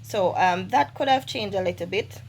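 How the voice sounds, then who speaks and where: A middle-aged woman vlogger giving earnest, measured commentary to camera, with small restarts. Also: mid-range voice, slight background noise.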